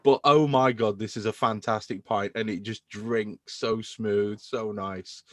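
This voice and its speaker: A man's voice: lowish voice, a little slow, no room sound. A man hosting a podcast in casual chat, enthusing about beer. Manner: enthusiastic, animated beer talk. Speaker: podcast host.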